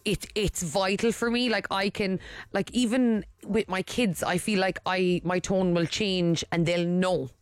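A woman's voice: mid-range voice, fairly even intonation, unhurried, clear, resonant tone, no room sound. A woman with an Irish accent, co-hosting morning radio in chatty, earnest talk. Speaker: radio co-host. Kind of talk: casual chat.

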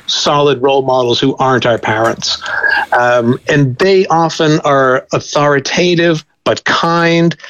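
Guy talking linguistics, stops and restarts a lot, kinda muffled sound. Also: on the high side. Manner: thoughtful, many restarts and repeated words. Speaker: linguist guest. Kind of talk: conversational expert explanation.

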